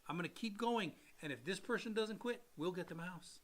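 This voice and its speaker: A man's voice: high-pitched, brisk. A man co-hosting a podcast as a loan officer, telling a client story with acted-out quotes that sometimes sink to near-whispers. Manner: animated storyteller who acts out quotes and drops to near-whispers.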